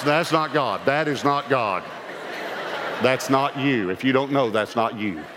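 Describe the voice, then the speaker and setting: A male pastor, telling a story from the pulpit with lively acted-out dialogue and sudden hushed asides. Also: medium pitch, noisy background. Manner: animated storyteller acting out dialogue; drops to a hush for quoted lines. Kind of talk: storytelling sermon. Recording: long hall reverb.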